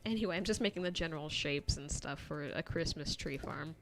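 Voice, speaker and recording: A woman's voice: deep voice, brisk, faint music behind. A young American woman chatting casually and rambling with many fillers while she paints at home on a stand microphone. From United States. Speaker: painting vlogger. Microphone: desk microphone on a stand.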